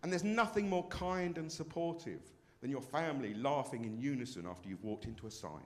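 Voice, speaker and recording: Lively man doing stand-up. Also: medium pitch, fairly quick. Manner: brash, self-mocking, punchy delivery. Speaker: stand-up comedian. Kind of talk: stand-up comedy set. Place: comedy club stage, indoors.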